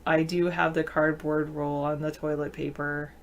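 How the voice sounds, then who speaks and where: Chatty woman host, slightly low voice, answers viewer comments out loud with easy laughs. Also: level tone, moderate pace. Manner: laughs often mid-sentence. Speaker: show host. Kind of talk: casual live video-chat talk.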